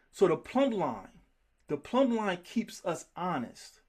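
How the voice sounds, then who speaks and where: A man's voice: high-pitched, takes it slowly, husky. A man leading a group scripture study, talking in an emphatic, worked-up way. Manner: animated, emphatic, gets worked up. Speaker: Bible study teacher.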